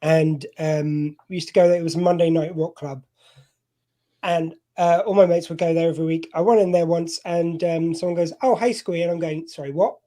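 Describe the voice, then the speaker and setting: Middle-aged guy from southern england, warm low-key voice, chatty rambling host. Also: little pitch movement, normal speed. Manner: rambling, self-deprecating storyteller. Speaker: podcast host being interviewed. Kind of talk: casual chat on a livestream.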